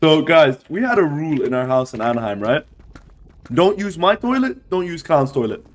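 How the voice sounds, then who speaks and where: A man casually telling a wild story to friends on a livestream, animated and swearing, throwing in "bro" and "right" all the time. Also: on the high side, normal speed.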